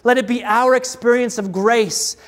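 A man preaching a sermon in a slow, deliberate way, with dramatic pauses and repeated refrains. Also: very high voice, fairly even intonation, a bit bright, long reverb tail.

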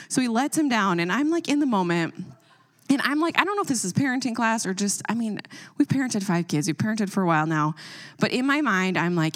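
A woman in her thirties telling a funny parenting story in casual chat, lively and expressive. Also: a little fast. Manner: animated storyteller, quotes herself with higher voice. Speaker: parent and co-host.

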